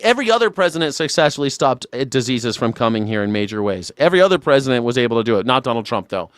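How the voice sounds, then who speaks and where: A man's voice: medium pitch, sing-song, quick pace, few pauses, smooth, no echo, clean studio sound. A man hosting a news reaction show, rambling in sarcastic, profane commentary. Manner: sarcastic, rambling, swears freely.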